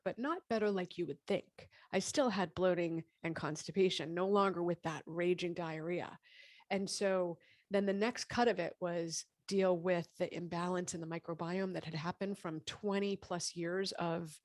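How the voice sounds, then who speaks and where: A woman in her fifties telling her health story as a podcast guest, animated and lively, acting out what people said. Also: on the low side, moderate pace, dry recording. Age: 50s. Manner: animated, acts out quoted dialogue. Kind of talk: casual interview storytelling.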